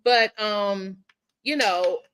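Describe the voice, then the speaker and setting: A woman who is a sports beat writer, talking casually on a podcast and often pausing with ums and restarts as she works through her thoughts. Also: medium pitch, a bit bright, clean tone.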